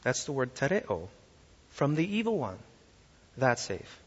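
A man's voice: mid-range voice, sing-song, moderate pace, breathy edge. A man preaching a sermon to a congregation, emphatic and asking them rhetorical questions. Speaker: pastor. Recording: lo-fi sound with long hall reverb.

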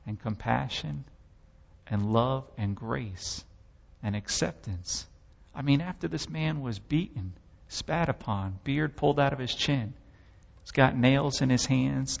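A man's voice: mid-range voice, creaky, husky, muffled recording. Impassioned man preaching in an echoing hall. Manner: impassioned storytelling with dramatic swells. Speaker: preacher giving testimony. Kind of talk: sermon testimony.

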